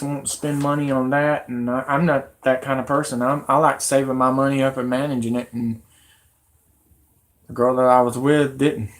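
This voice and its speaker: A man in his thirties hosting a live stream, rambling and growing agitated, with shouty outbursts. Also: mid-range voice.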